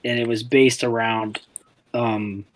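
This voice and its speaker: A man's voice: mid-range voice, flat delivery, slow pace, low-quality recording. Profane, rambling man telling stories. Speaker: podcast co-host. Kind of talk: casual storytelling chat. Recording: faint background noise.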